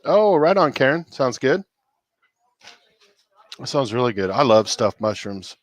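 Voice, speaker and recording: A man runs a casual cooking livestream, chatting with viewers in a laid-back, rambling way and chuckling often. His mid-range voice has a sing-song lilt, he talks a bit slowly, and there's no echo.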